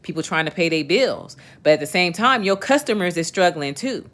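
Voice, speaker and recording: A woman's voice: on the low side, expressive, fairly quick, a bit bright. Candid, swearing woman venting to viewers. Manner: candid, profane and emphatic; talks straight to viewers, often asks "you know what I'm saying". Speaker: livestream host. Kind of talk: casual venting chat.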